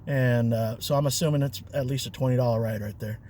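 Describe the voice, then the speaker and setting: A man's voice: mid-range voice, steady tone, fast talker, a little mellow, a little hiss or hum. A man, a rideshare driver and vlogger, telling a story in a chatty, loose way with fillers and chuckles. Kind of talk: casual storytelling.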